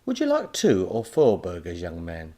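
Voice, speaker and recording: A man's voice: sits low, wildly swooping pitch, normal speed, mellow, exaggerated voice. A man voicing a mocking, sarcastic grown man serving behind a burger counter.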